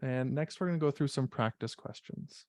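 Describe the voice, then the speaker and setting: A man's voice: medium pitch, moderate pace, a little mellow, no room sound, clean studio sound. A man teaching paramedic exam strategies in an online info session, speaking in a direct, coaching way and often checking in with "right?".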